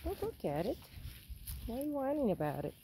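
A woman's voice: sits high, big pitch swings, fairly quick, mellow. A woman breeder talking soothingly and coaxingly to an anxious puppy in casual baby talk. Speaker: dog breeder. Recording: noisy background.

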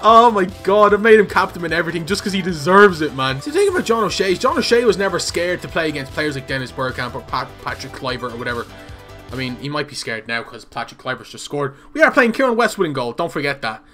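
A young man giving excited football video game commentary, shouting and laughing at goals. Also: fairly high pitch, fast, faint music behind. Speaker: gaming YouTuber.

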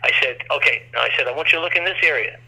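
A man's voice: mid-range voice, racing, vocal fry, bright, forceful tone, breathy edge. A man telling a long, rambling story as an interview guest, acting out quoted voices, over a phone line.

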